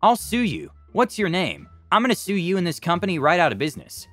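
A man voicing a scheming woman customer who fakes a fall, loud, whiny and demanding. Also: lowish voice, wildly swooping pitch, brisk, dry recording, faint music behind, voice pushed up, exaggerated voice. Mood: outraged.

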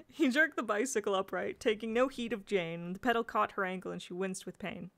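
A woman's voice: mid-range voice, fairly quick, fairly bright tone. A woman reading a children's novel aloud as an amateur narrator, with occasional slips and restarts. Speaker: audiobook reader. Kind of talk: storybook narration.

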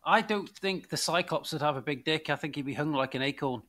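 A man's voice: a little high, fairly quick, bright, forceful tone. A man chatting casually and playfully on a comedy podcast panel. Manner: playful, joking.

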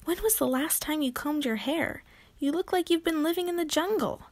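A brisk, fussy mother from a children's storybook, as a woman reading aloud puts her on. She talks quickly and distractedly, squeamish about pests, in a fairly high voice. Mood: briskly distracted. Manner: brisk, fussy, shrieks at the mouse.

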